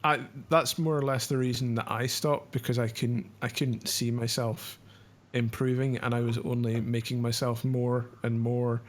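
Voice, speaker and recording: A man's voice: medium pitch, flat delivery, normal speed. A man from the UK co-hosting a podcast, telling stories in a laughing, self-deprecating way. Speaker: podcast co-host. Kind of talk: casual storytelling chat.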